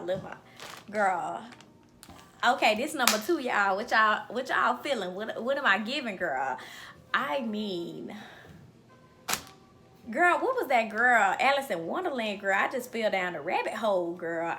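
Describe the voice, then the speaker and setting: Young woman vlogger, casual haul chat, very animated pitch, bright tone. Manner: animated, playful, lots of "girl" and "y'all", bursts of laughter and singing. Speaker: vlogger reviewing wigs. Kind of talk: casual chatty haul vlog. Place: indoors at home.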